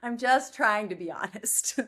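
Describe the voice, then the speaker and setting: Higher-voiced woman hosting a chat. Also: measured pace, bright, forceful tone. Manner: friendly, self-deprecating, laughs often. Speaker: podcast host. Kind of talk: casual interview chat.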